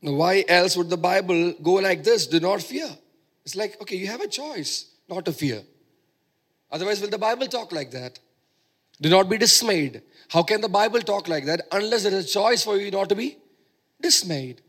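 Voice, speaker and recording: A man's voice: high-pitched, lively intonation, a little fast, fairly bright tone. A man preaching a sermon, emphatic and repeating phrases for stress.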